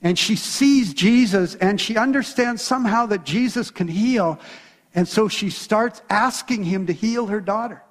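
A man with a notably high voice delivers a sermon from the pulpit. He retells a scripture story dramatically, slipping into the characters' lines. His words carry a long echo through a large church hall. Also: measured pace. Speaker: pastor.

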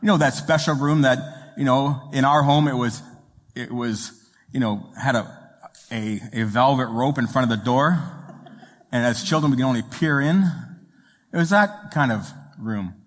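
A man preaching a sermon as a guest pastor, telling jokes and stories with halting restarts. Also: medium pitch, long reverb tail. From raised in an Italian home. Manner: joking storyteller, halting restarts. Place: church sanctuary.

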